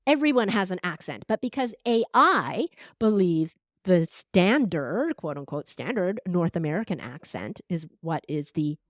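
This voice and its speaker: A woman guest on a podcast interview, a voice coach talking in an expressive, animated conversational way. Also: lowish voice, measured pace, hardly any pauses, no room sound, clean studio sound. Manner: expressive, animated, uses air quotes verbally.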